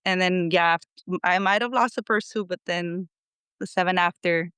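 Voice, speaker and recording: A former national team athlete in her thirties chats as a podcast guest about her sports career, laughing a lot and imitating her family and coach. Her voice is on the low side, a bit bright and smooth, at normal speed. The recording has no room sound.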